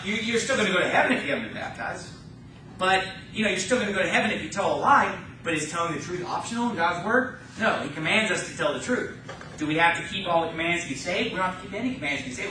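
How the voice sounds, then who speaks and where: A man preaching a fervent sermon in a church, reading scripture slowly and mocking opposing views in quick asides. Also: sits high, expressive, pushed and bright, slight background noise. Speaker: pastor. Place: church sanctuary. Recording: echoey church room, mic far off.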